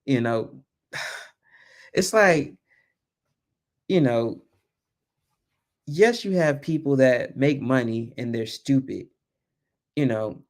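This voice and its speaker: A man's voice: extremely slow, pauses often. A young man hosting a live stream, talking casually and with animation, rambling and at times losing his train of thought. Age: young adult. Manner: lowers his voice so as not to wake the kids. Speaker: vlog host.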